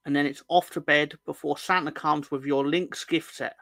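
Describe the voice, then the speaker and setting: A man's voice: a little high, fairly even intonation, moderate pace, hardly any pauses, a bit bright, dry recording. A man hosting a football fan livestream in casual chat, rambling and joking, often correcting himself mid-sentence. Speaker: host of a football fan show.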